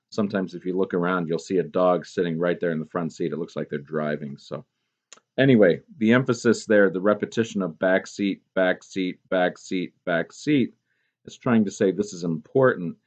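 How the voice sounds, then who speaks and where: A male teacher giving a casual classroom lesson, chatting with many "um"s and "okay?"s and reading poems aloud with expressive emphasis. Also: low voice. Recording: dull lo-fi recording.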